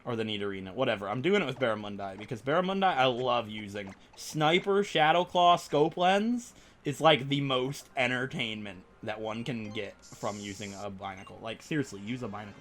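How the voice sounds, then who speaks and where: A man hosting a let's play, rambling and joking excitedly over his game. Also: lowish voice, fast, hardly any pauses. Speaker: gaming channel host.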